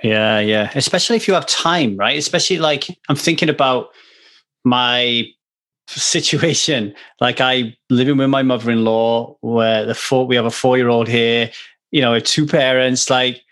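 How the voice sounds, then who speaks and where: A man's voice: mid-range voice, moderate pace, fairly bright tone. A man hosting a podcast, talking frankly and casually, with loose everyday swearing. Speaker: podcast host.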